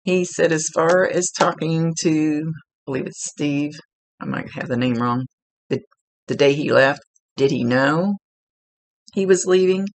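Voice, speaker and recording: With a fairly high pitch and an unhurried pace full of long pauses, a psychic medium chats through a relaxed, conversational reading. He laughs often and keeps correcting himself mid-sentence.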